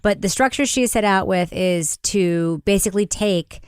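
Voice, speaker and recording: A woman hosts a podcast, steering the talk in a loose, chatty way. Her voice sits at an ordinary pitch and is recorded close and dry, with no room sound. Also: normal speed, clean tone, dry recording. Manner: chatty, leads the discussion. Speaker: podcast host. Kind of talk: casual chat.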